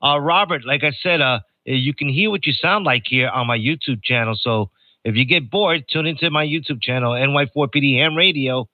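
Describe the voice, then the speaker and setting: A man's voice: medium pitch, brisk, no room sound, phone-quality sound. An older man from New York hosting a ham radio net in chatty, joking casual talk, reading out call signs. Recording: noisy radio transmission.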